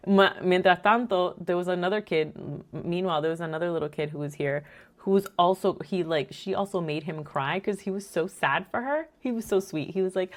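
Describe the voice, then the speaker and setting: A woman from Rico, hosting and telling a faith-based family story in a lively, laughing way. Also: lowish voice, a little fast. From Puerto Rico. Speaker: podcast host.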